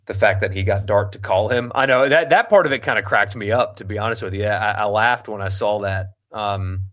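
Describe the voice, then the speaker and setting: A man hosts a sports talk show in a somewhat low voice. He reads listener comments aloud and shoots them down bluntly, stumbling through ums and restarts as he goes. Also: brisk, fairly bright tone. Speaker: sports radio host. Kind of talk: casual chat reading listener comments.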